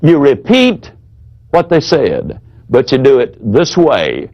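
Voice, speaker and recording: A man teaching a sales training seminar in a folksy, demonstrative way. He drops his voice low whenever he acts out an example. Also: wildly swooping pitch, slow, lo-fi sound.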